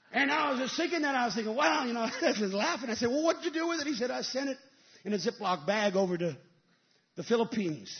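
A male evangelist preaching a sermon, telling stories and rising into emphatic shouted peaks. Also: very high-pitched, lively intonation, brisk, lo-fi sound.

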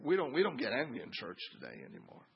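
Animated husky male preacher. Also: mid-range voice, fast, dull audio. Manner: animated, mimics the crowd's sneering tone. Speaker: pastor. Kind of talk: sermon.

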